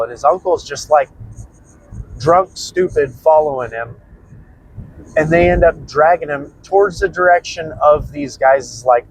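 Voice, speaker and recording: A man's voice: on the high side, slight background noise, rough recording. A young man casually telling a personal story, rambling and swearing freely as he goes. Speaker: prepping channel host.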